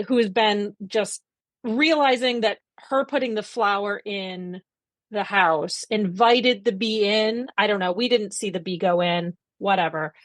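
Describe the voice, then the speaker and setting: A woman's voice: mid-range voice, no echo. Woman animatedly recapping a TV episode. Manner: animated storytelling, quotes characters, swears for emphasis. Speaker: podcast co-host. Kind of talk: casual chat recapping a TV episode.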